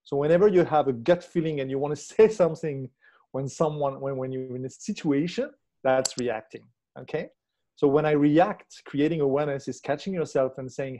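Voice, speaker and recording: This relationship coach speaks at a normal speed in a mellow voice that sits on the high side. Being interviewed, he lays out his ideas thoughtfully and keeps checking in with the listener using tag questions.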